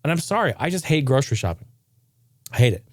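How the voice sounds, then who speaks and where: A man's voice: mid-range voice, quick pace, no echo, clean studio sound. A man hosting a podcast, talking in a casual, profane rant. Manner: profane, ranting, animated. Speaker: podcast host. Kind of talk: casual ranting monologue.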